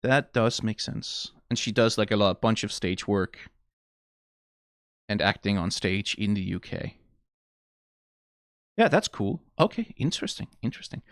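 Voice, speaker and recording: A man's voice: on the low side, animated, measured pace, long pauses, no room sound, studio quality. Profane Danish man reacting to a game. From Denmark. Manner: rambling and profane, lots of "like". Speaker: reaction video host. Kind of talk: casual reaction commentary.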